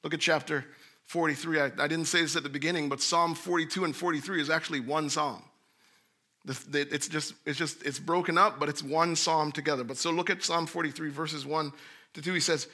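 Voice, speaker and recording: A man preaching a sermon, earnest, rising to emphatic bursts and dropping to soft low asides. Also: steady tone, normal speed.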